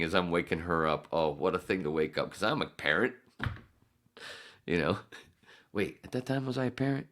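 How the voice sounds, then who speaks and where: A middle-aged man with an extremely deep, low voice tells a long, meandering story on a podcast. He swears freely, laughs often and wanders off on tangents as he goes. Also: moderate pace, pauses often, a bit bright. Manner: profane, rambling, laughs often. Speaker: podcast host. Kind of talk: casual storytelling.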